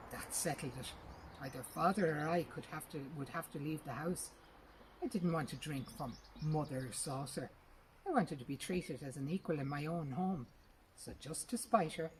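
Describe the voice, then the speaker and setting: A woman reads a short story aloud, her voice low and her telling lively and expressive. Faint birdsong sits in the background of the recording. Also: a little hiss or hum, low-quality recording. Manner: lively, expressive first-person narration. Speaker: reader.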